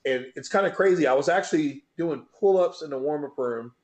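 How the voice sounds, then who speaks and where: A little high and a little fast, this middle-aged man's voice carries a loose, cursing story he acts out with animation. He's a guest on an interview show and holds a bench press record; the recording has a roomy echo.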